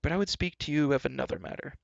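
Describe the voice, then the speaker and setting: A man reading aloud and voicing a gentle young male prince and healer who speaks in a calm, solemn way. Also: a little high, fast, creaky, dry recording, lo-fi sound, voice pushed up. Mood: grave.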